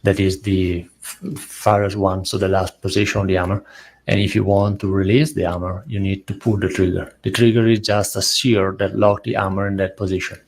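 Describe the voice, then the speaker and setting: Brief: deep, flat-voiced Italian-accented man, expert witness in court, faint background noise. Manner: measured, technical explanations. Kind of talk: courtroom testimony.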